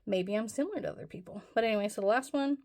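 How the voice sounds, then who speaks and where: A woman's voice: mid-range voice, racing, darkish tone. A woman hosting a casual crochet tutorial, talking through each step in a rambling, self-deprecating way with plenty of fillers.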